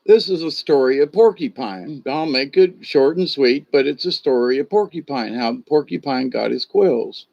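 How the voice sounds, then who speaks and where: A man's voice: medium pitch, animated, normal speed, creaky, hardly any pauses, darkish tone, no room sound. Rambling man telling a folk tale. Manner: rambling, full of "you know" and restarts. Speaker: shaman storyteller. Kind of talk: casual spoken storytelling. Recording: dull lo-fi recording.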